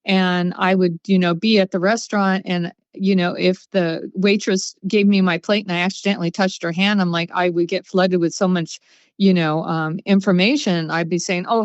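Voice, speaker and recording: A woman speaks as a guest on a podcast, telling stories in an expressive, conversational way. Her voice comes through slightly dull and lo-fi, with dry, close sound. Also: mid-range voice, dry recording. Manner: storytelling, expressive, acts out quotes. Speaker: psychic guest. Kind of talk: casual chat.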